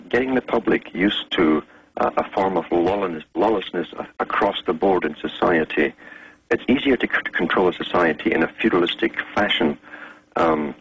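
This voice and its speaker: A male guest speaks in a measured, halting way. His voice is very low and husky, heard over a dull, muffled line from some distance. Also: fairly bright tone. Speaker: radio guest, researcher. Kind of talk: interview answers.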